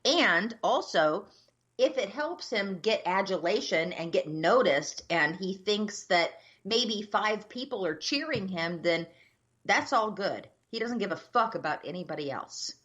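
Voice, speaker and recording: A woman's voice: medium pitch, expressive, a little slow, a bit bright, dull audio. A woman co-hosting a podcast, ranting in casual chat and swearing freely. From United States. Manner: profane, ranting. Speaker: podcast co-host.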